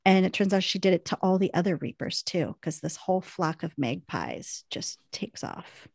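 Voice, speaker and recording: Middle-aged woman, animated casual recap of a show, dry close sound. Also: fairly low pitch, normal speed, gravelly, breathy edge, dry recording. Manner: animated retelling, acts out lines. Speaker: podcast co-host. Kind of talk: casual chat recapping a TV episode.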